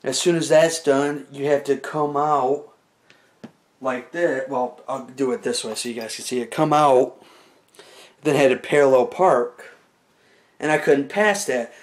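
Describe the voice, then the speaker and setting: A man's voice: mid-range voice, measured pace. A young man telling a rambling, casual comic story to the camera, full of "like" and "you know" as he acts out moves.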